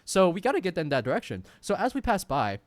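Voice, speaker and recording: Young guy streamer, rambly story w tons of "like", bouncy pitch, dry mic. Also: huge pitch swings, fast talker, dry recording. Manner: rambling, lots of fillers, laughs through the story. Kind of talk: casual storytelling.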